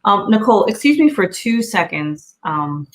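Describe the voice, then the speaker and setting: A woman's voice: mid-range voice, big pitch swings, moderate pace. A woman hosting a casual podcast, talking candidly and with self-deprecating humor. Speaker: podcast host.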